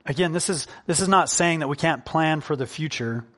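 A man preaching a sermon in an earnest, conversational way, slowing down to stress key points. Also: fairly high pitch, fairly bright tone. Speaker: pastor.

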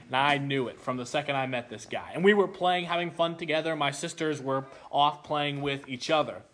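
A man preaching a sermon, telling a childhood story with animated delivery before explaining a Bible passage. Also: a little high, a little fast, a little hiss or hum. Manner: animated storytelling, acts out voices.

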